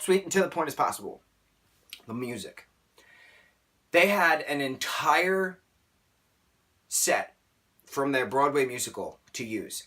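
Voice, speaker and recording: Animated, theatrical man ranting a review. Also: medium pitch. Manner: sarcastic outbursts. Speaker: film reviewer.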